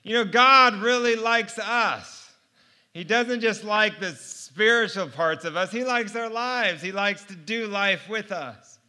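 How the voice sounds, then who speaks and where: Bright, high-voiced man telling his story. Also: slow. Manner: storytelling, laughing often, earnest. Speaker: speaker sharing his testimony. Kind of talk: personal faith testimony.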